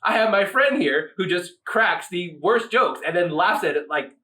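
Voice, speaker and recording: An American man co-hosting a casual podcast, animated, laughing and swearing casually. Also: high-pitched, normal speed, far from the mic. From United States. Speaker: co-host. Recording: echoey room, voice away from the mic.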